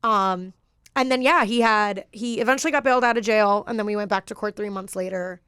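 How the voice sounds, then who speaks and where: A woman's voice: medium pitch, fairly quick, fairly bright tone, clear, resonant tone, dry recording, studio quality. A woman guest, a stand-up comedian, chatting casually and telling a personal story with lots of fillers and laughs.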